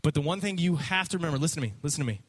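Male youth pastor, casual and emphatic preaching, slightly high voice. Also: animated, very fast. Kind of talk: sermon.

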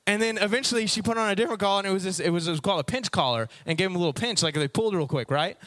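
Animated young man preaching to youth. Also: high-pitched, very fast. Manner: animated storyteller, acts out voices, laughs often. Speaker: youth pastor. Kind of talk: casual youth sermon.

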